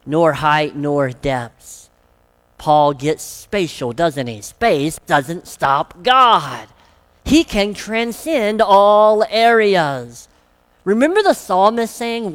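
Slow, emphatic preacher. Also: mid-range voice, expressive. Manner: emphatic, with rhetorical questions. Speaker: pastor. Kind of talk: sermon.

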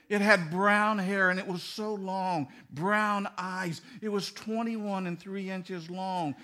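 A man's voice: high voice, unhurried, few pauses, sharp tone. A middle-aged man preaching a humorous sermon, telling stories and acting out little dialogues with bursts of emphasis. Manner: storytelling with mimicked dialogue, bursts of laughing emphasis. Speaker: pastor.

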